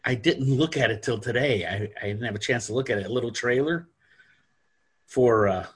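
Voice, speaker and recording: A man co-hosting a podcast over a video call, telling stories in a relaxed way and laughing often. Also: mid-range voice, moderate pace, husky. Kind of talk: casual chat.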